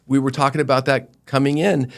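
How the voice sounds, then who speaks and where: A middle-aged man, a company founder, telling stories earnestly in an interview, animated, often restarting his sentences. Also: medium pitch, brisk, vocal fry. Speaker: guest, roofing company founder. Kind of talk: conversational interview storytelling.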